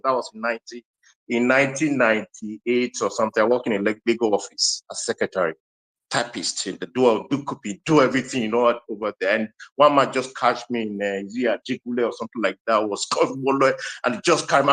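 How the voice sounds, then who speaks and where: A man's voice: mid-range voice, poor audio. A man speaking on an online discussion panel, telling stories animatedly and laughing often. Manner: animated, excitable storyteller who laughs often.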